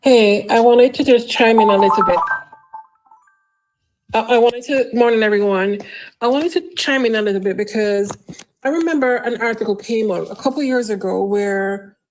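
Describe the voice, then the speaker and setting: A woman joining a live talk show, her voice a little high and eager as she chimes in. Soft music plays faintly behind her. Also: moderate pace, rough recording. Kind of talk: casual chat.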